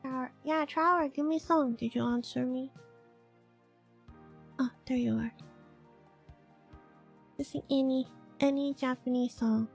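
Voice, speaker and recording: A woman's voice: sits high, fairly even intonation, unhurried, gravelly, pauses often, husky, soft background music. A woman from Hong Kong chatting casually with her live-stream chat, laughing often and reacting to viewers. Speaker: VTuber streamer.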